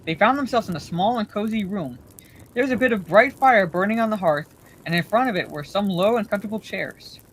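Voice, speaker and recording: A woman's voice: medium pitch, expressive, brisk, low-quality recording. Woman reading a bedtime story, faint hiss.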